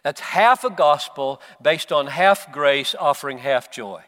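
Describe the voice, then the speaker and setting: A man in his seventies with an American accent, preaching a sermon at a conference and swinging from low, quiet stretches up to emphatic, passionate peaks. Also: lively intonation, unhurried, in a large hall. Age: 70s. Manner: impassioned, surging to emphatic peaks then dropping low. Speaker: pastor. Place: conference hall.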